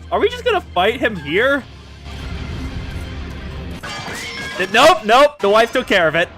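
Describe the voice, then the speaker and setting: A man streaming a game, reacting excitedly with frequent exclamations and laughs as he reads and comments. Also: very high voice, slow pace, pauses often, faint music behind. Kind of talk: live gameplay reaction commentary.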